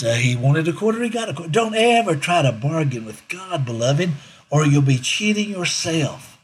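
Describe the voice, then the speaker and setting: Husky-voiced preacher. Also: male voice. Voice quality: very husky, breathy voice. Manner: repeats key lines for emphasis, leaps up in pitch when quoting. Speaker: pastor. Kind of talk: sermon.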